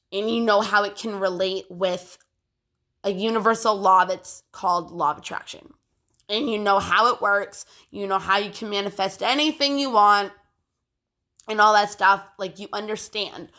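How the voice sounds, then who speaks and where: A young woman talks casually into her phone, meandering through fillers and restarts. Her throat sounds phlegmy and she clears it often. The tone is bright and forward. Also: mid-range voice, moderate pace. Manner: rambling, filler-heavy, frequent throat clearing. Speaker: vlogger. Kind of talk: casual chat to camera.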